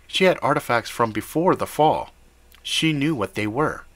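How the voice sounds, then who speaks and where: A man's voice: medium pitch, lively intonation, moderate pace, a bit bright, no room sound. A man narrating a gritty first-person story in a profane, blunt manner. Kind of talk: scripted fiction narration.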